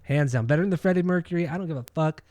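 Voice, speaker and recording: Rapid-fire and a bit high, his voice has a darkish tone. As co-host of a laid-back music podcast, he riffs on records and music with blunt opinions and plenty of swearing.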